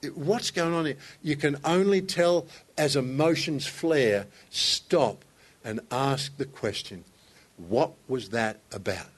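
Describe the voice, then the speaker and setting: A man's voice: fairly high pitch, takes it slowly. A man preaching a sermon, telling a personal story with rising intensity. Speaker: pastor.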